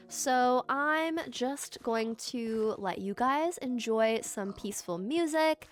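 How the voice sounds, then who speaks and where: Slow, soft-spoken woman gaming commentator. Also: medium pitch. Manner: slow and soft-spoken, bursts into squealing excitement. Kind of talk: relaxed gameplay commentary.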